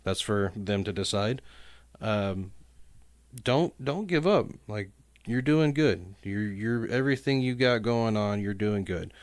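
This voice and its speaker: A man's voice: lowish voice, lively intonation, unhurried, no echo. Laughing, rambling co-host man. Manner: rambling, laughs often, self-deprecating. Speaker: podcast co-host. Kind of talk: casual comedic chat.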